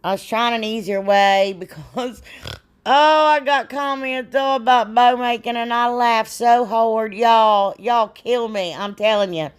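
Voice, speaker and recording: Slow-talking folksy woman. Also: a little high, clean tone. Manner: folksy, self-deprecating, rambling. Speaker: DIY crafts channel host. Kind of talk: casual craft tutorial chat.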